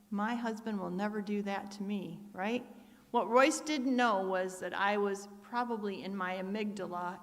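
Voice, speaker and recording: A woman's voice: medium pitch, fairly bright tone. Woman preaching in a reverberant church. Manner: storytelling, acts out family voices, reads verses aloud. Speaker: speaker at church. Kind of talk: sermon. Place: church sanctuary.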